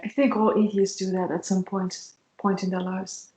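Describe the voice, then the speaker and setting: Flat-toned woman, in an echoey room. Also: mid-range voice, moderate pace. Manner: earnest, explanatory, with frequent fillers. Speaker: co-host of a Christian mentorship show. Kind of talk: casual discussion. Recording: roomy echo.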